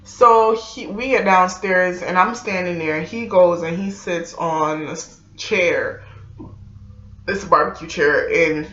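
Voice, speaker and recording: A nineteen-year-old woman telling a storytime vlog in a casual, profane, animated way, acting out the lines she quotes. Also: on the low side, slow pace. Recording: echoey room, dull lo-fi audio.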